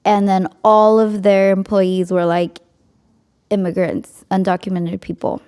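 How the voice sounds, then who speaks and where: Young woman, podcast host, casual storytelling, mellow tone, laughs often. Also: medium pitch, level tone, unhurried, clean tone. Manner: chatty, frequent "like", laughs often.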